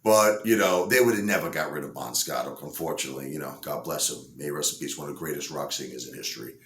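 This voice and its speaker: A man's voice: a bass voice, quick pace, fairly bright tone, roomy sound, slight background noise. A man casually telling a story with lots of fillers, acting out quotes in other voices. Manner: rambling, many fillers, acts out quotes. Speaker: entertainer storyteller.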